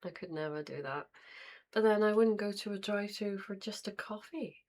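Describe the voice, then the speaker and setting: A woman hosting a reaction video, commenting on clips in an unhurried, dry way and thinking aloud. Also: medium pitch, darkish tone. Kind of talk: casual commentary over clips.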